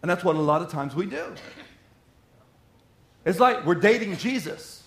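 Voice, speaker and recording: A man preaching a sermon in an animated way, slipping into little acted-out voices of everyday people. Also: high voice, normal speed. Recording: roomy echo.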